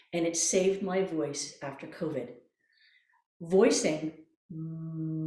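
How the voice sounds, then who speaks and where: Gentle woman voice coach, roomy echo. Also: medium pitch, far from the mic. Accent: Canadian. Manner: calm, gentle, step-by-step guidance with demonstrated breaths. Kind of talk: guided breathing workshop instruction.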